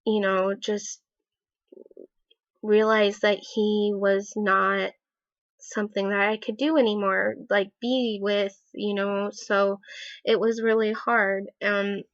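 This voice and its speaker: Young woman vlogging, lots of likes, mid-pitched voice, kinda muffled dry recording. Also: flat delivery, takes it slowly, dry recording. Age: young adult. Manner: rambling, filler-heavy retelling with many "like"s. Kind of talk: personal storytime vlog. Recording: dull, lo-fi sound.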